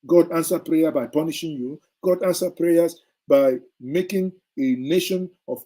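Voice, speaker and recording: A middle-aged man delivers heated political commentary in an indignant, sarcastic tone. His voice is dark and husky, and he drives points home by repeating them. The delivery is that of a show host speaking his mind. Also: fairly high pitch, a little slow, rough recording.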